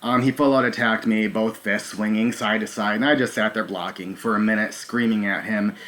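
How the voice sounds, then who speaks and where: A man hosting a live stream, talking straight to his viewers in a halting, nervous way with many filler ums. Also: on the low side, fairly even intonation, fairly bright tone. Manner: talks to viewers directly. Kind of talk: live stream recounting events.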